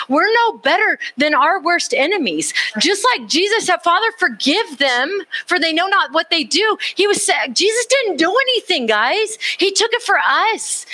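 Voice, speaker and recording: High, bright-voiced woman preaching live. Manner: animated, conversational, rising emphasis. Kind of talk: live sermon, casual and personal.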